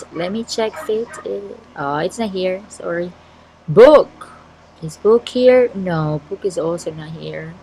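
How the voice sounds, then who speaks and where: Her voice sits in the mid range with a breathy edge, captured on a rough recording. She's a Filipino English speaker leading an online lesson, encouragingly reading and checking students' answers in a word game.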